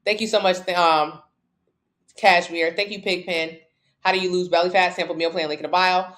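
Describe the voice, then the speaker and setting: A woman's voice: on the low side, fairly even intonation, moderate pace, a bit bright. Blunt, brash fitness coach woman. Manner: blunt, brash and jokey, with casual slang and swearing. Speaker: fitness coach answering live chat questions. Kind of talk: casual livestream Q&A.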